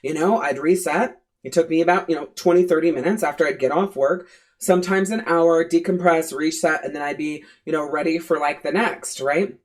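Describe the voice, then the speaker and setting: A woman's voice: low-pitched, fairly even intonation, a little fast. A woman life coach hosting her own podcast, talking candidly and bluntly, swearing freely and repeating phrases for emphasis. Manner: casual, with frequent "you know" and "right".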